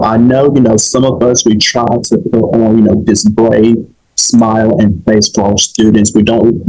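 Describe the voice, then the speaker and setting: A man's voice: medium pitch, darkish tone, low-quality recording. A young man hosting a comedic advice show, emphatic and preachy, often checking in with his listeners.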